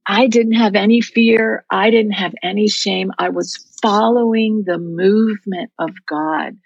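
Gravelly husky woman telling a heartfelt story. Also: medium pitch, steady tone, unhurried, no echo, dull audio. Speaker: interview guest. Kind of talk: storytelling in a faith interview.

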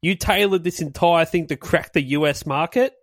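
A man's voice: on the high side, normal speed, fairly bright tone, no echo, clean studio sound. A man co-hosting a podcast, chatting casually and sarcastically about a song and swearing freely. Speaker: podcast co-host. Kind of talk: casual chat reacting to a song.

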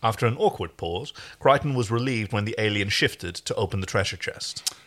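A man's voice: lowish voice, animated, a bit bright. A man, co-hosting a podcast, reading fan fiction aloud in a playful, chatty way. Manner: playful, chatty, quick to laugh. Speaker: podcast co-host.

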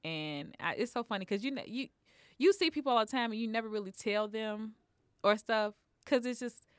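A woman comedian telling a personal story in conversation, lively and acting out the people she quotes. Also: a little high, fairly quick, clear, resonant tone, no echo, clean studio sound. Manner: animated, acts out quoted voices. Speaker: guest, comedian.

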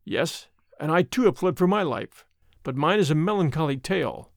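A man's voice: a little high, animated, normal speed, no room sound, studio quality. A man voicing a grave, earnest father who fled his homeland, in a story reading. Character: grave male father, fugitive exile.

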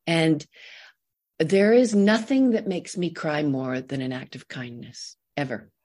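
Husky low-voiced woman telling stories. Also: unhurried. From Canada. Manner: animated, chatty storyteller. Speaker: actress guest. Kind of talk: casual interview storytelling.

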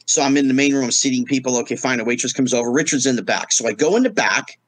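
A man's voice: mid-range voice, quick pace. A middle-aged man, a guest in a casual interview, telling stories and acting out the voices of the people in them. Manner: animated storyteller acting out quoted voices.

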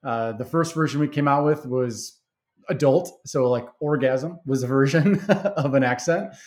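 Man in a business interview, mid pitch, casual and unpolished. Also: unhurried. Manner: easygoing, many fillers and restarts. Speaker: game creator guest. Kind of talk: conversational interview.

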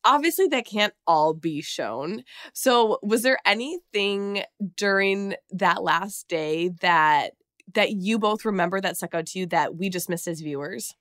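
A woman's voice: mid-range voice, unhurried, a bit bright, no echo. A woman from Minnesota hosts a podcast interview, talking in a chatty, enthusiastic way and laughing easily. Her voice is close and dry, with no room sound around it. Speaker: podcast host. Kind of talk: casual chat interview.

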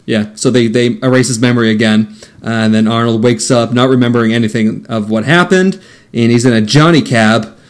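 A man's voice: medium pitch, brisk. A man casually recapping a film's plot for friends, joking and laughing mid-sentence. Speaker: podcast co-host recapping a film.

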